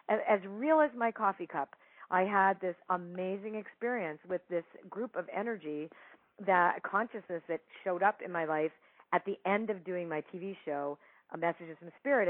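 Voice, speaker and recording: A woman's voice: mid-range voice, normal speed, no room sound. A woman telling a personal spiritual story in a casual, chatty way, laughing often and acting out what people said. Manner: chatty, laughing, animated quoting. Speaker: psychic medium guest telling a story. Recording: dry tinny phone-like line.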